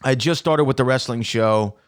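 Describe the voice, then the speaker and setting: A man's voice: mid-range voice, moderate pace. Rambling male podcast co-host. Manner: rambling storyteller, many restarts and fillers. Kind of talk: casual chat.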